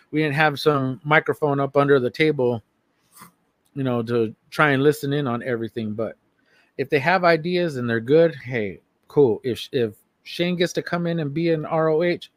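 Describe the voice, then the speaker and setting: Guy cohosting a podcast, casual and emphatic, kinda high voice, dry close mic. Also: moderate pace, no echo. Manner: emphatic, profane, repeats himself. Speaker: podcast co-host. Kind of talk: casual chat.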